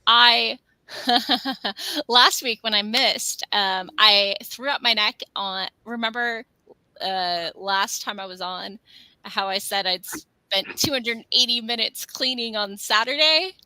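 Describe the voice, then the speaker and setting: A woman's voice: a little high, pushed and bright, no echo. A woman co-hosting a casual live stream, chatting and reading out comments from the chat. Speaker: stream co-host.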